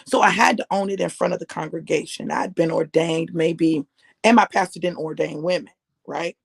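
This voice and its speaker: A middle-aged woman preaching, her voice gravelly and husky. She talks conversationally, circling back and repeating phrases for emphasis. The recording is close and dry, with no room sound. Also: fairly low pitch, no room sound. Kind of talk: personal testimony sermon.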